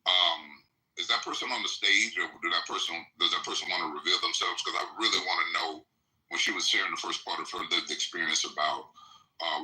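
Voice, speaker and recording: Low-voiced polite male host. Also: sharp tone, rough recording. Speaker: live stream host. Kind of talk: hosting a live discussion.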